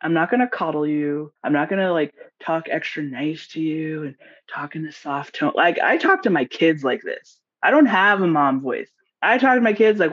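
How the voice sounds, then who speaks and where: A woman's voice: low-pitched, animated, moderate pace, hardly any pauses, husky, dull audio. A woman guest on a podcast, a nurse practitioner and investor, speaking in a direct, outspoken way and laughing often. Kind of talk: casual podcast conversation.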